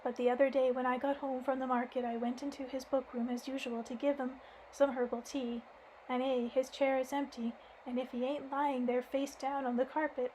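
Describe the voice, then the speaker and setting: A worried, sturdy village housekeeper woman in her forties spills out her story in folksy, rustic phrases, as a woman reader puts her on. The voice sits high and stays fairly level, with a faint hiss behind it. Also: warm tone, close to an everyday voice, rough recording.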